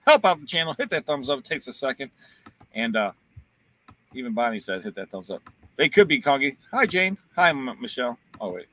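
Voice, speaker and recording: A man's voice: medium pitch, big pitch swings, brisk, bright, forceful tone. A man from Ohio hosting a casual livestream, joking around and reading viewer comments aloud. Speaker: livestream host and auctioneer.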